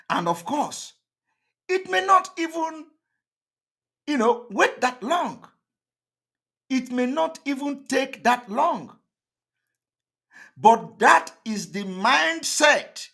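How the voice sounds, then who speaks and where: High-voiced man, emphatic commentary. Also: very animated, creaky, sharp tone. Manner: emphatic, repetitive, quick to laugh. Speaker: host of an online broadcast. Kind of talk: live commentary on a played interview.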